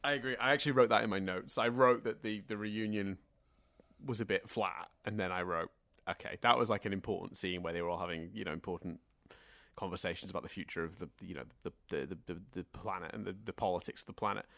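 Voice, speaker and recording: A man's voice: sits low, fast, creaky, a bit bright, no echo. A man co-hosting a podcast, talking in long, rambling sentences in a casual discussion. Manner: chatty and rambling, talks in long winding sentences. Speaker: podcast co-host.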